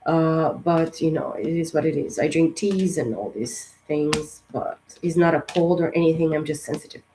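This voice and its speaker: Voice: mid-range voice, moderate pace, darkish tone, slight background noise, rough recording. A tarot reader giving a casual astrology reading to camera, talking in a loose, rambling way with many fillers and restarts, in a voice that has been strained and sensitive lately. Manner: encouraging, direct.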